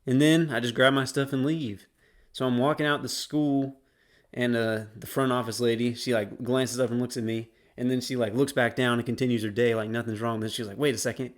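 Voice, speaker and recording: A man's voice: mid-range voice, level tone, a little fast. A young man casually telling a school story as a YouTuber, slangy and rambling. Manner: slangy, rambling, laid-back.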